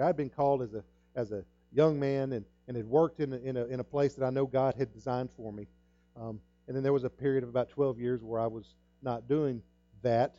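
A man's voice: mid-range voice, dark tone, no room sound, dull audio. A middle-aged male pastor preaching a sermon, telling a personal story with earnest repetition and acting out the voices in it. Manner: earnest storytelling, repeats himself, acts out quoted dialogue.

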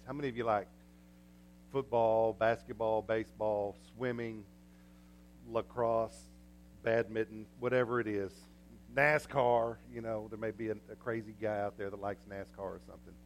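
An older man preaching a sermon in a church, folksy and energetic, breaking into cheering shouts. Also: medium pitch, slight background noise. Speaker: pastor. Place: church sanctuary.

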